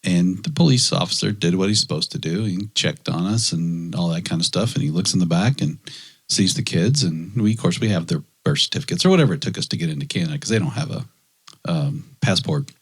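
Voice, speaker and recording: A man co-hosting a podcast, telling a family story in casual chat, animated and laughing often. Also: low-pitched, brisk, breathy edge. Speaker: podcast co-host.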